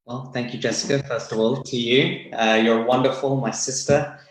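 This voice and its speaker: A British man from the UK, a martial arts coach, chatting as a guest in a relaxed, hesitant way with many fillers. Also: mid-range voice, moderate pace, roomy sound, low-quality recording. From United Kingdom. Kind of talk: casual interview chat.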